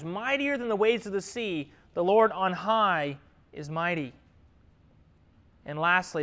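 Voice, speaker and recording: A man preaching a sermon, lively and conversational, often asking the congregation questions and laughing easily. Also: on the high side.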